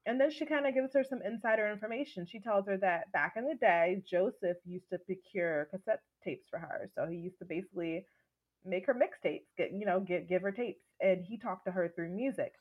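A woman's voice: medium pitch, fairly quick, highs cut off. A woman hosting a podcast, animatedly recapping a TV episode and acting out the characters' lines. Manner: animated storytelling, acts out quotes. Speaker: podcast host.

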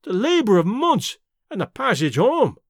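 A man's voice: high voice, wildly swooping pitch, unhurried, fairly bright tone, dry recording, clean studio sound, exaggerated voice. A man reading a story voices a distraught man, wailing and pleading.

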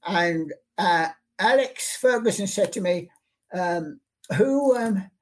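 Elderly man telling lively anecdotes. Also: high voice, takes it slowly. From London. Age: 80s. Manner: animated, repeats words, acts out quotes. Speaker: interview guest, sports artist. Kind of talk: anecdotal storytelling in an interview. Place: home studio.

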